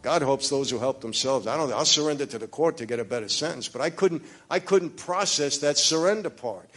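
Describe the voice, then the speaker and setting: A man with a New York accent tells his personal testimony, speaking straight to his listeners in a confiding, emphatic way. His voice sits a little high for a man, and he moves between hushed low stretches and raised, urgent ones. Faint music plays underneath. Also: lively intonation, brisk.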